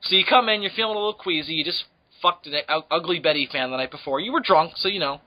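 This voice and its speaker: A young man co-hosting a podcast, loud and crude, laughing a lot as he jokes. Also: on the high side, fast talker. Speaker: podcast co-host. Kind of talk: crude comedy banter.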